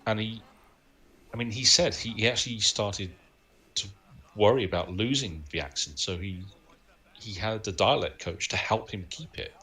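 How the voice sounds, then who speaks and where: Brief: male podcast co-host, lower pitch, bright forceful tone, trivia-minded. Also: moderate pace. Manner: knowledgeable, anecdotal, laughs often. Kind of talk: casual film chat.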